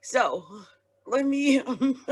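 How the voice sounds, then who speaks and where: A woman's voice: sits high, expressive, extremely slow. A woman astrologer hosting her own channel, talking casually and rambling, often breaking off mid-thought. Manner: rambling, self-interrupting. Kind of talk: casual vlog talk. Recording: clear music under the voice.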